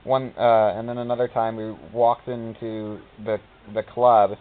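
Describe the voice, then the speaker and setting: A man's voice: medium pitch, flat delivery, a little slow. A man giving casual gameplay commentary, telling rambling stories and quoting characters in silly voices. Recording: tinny phone-like recording.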